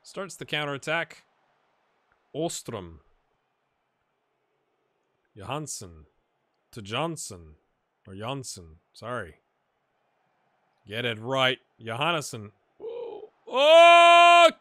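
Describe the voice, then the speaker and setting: A man giving casual, rambling commentary over a football management game, with sudden excited outbursts and a slightly rough throat. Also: mid-range voice, slow, pauses often, no room sound. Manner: rambling, excitable bursts over match play. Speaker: gaming commentator. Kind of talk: casual let's-play commentary.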